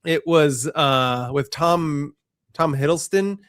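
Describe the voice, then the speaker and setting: Male podcast guest, slightly high voice, excitable and loose, laughs often. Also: slow pace. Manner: enthusiastic, laughs easily, rambling. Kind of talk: casual chat.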